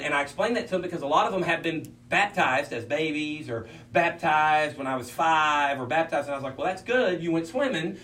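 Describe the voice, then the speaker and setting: A man's voice: fairly high pitch, a bit bright. A man, a pastor, preaching in a folksy, anecdotal way with many asides. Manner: folksy storyteller, many "I mean" asides, acts out quotes. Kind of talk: anecdotal preaching to fellow ministers. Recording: roomy sound from a distance with faint hum.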